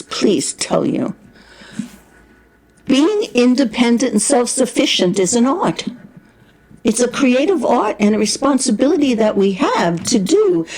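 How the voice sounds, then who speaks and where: High, lively New York woman. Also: poor audio. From Brooklyn, New York. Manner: forceful, scolding, then gushing. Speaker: returning guest. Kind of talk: heated on-air couple argument.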